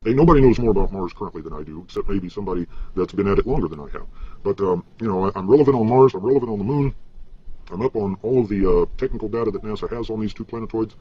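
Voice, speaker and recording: A man's voice: fairly low pitch, expressive, very fast, slightly rough, muffled recording. A man ranting in a rambling vlog, frustrated and profane, stumbling over fillers, heard from a replayed clip. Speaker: vlogger.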